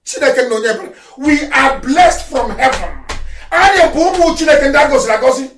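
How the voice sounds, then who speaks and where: A fiery, scornful man with a Nigerian accent and a high voice gives a live address, often shouting. He stands well back from the mic in a room that rings with echo. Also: brisk. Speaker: political activist leader addressing followers. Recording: echoey room, speaker far from the mic.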